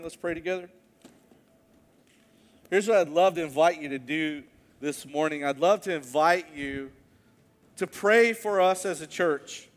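Brief: male pastor, earnest storytelling sermon, slightly high voice, long hall reverb. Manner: earnest storytelling preacher, slows on key words. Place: church sanctuary.

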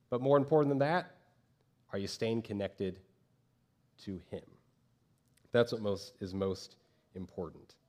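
A man preaching a sermon as pastor from a church stage, lively, acting out the voices of the people he describes. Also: mid-range voice. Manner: animated, acts out quoted voices of churchgoers.

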